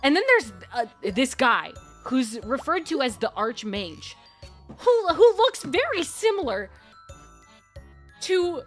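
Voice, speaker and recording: A woman streamer casually retelling a long dream story, full of "like" and slow dramatic pauses. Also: sits high, sing-song, soft background music.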